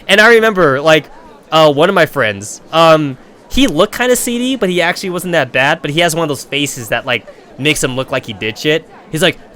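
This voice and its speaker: Young man, streamer, casual storytelling, profane, rambling, animated, fairly high voice. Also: moderate pace.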